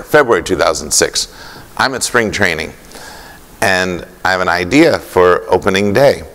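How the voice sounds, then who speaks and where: A man with a fairly low, gravelly voice tells an anecdote as a keynote speaker. He paces his story with deliberate pauses and vivid detail. The sound carries a long reverb from a conference hall. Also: a bit bright.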